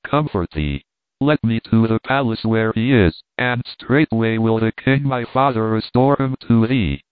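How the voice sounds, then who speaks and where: A man's voice: on the low side, a little slow, clean tone, no echo, lightly acted. A man voicing a proud, dignified boy prince who speaks in a formal, lofty way, with a tinny phone-like sound. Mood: gentle.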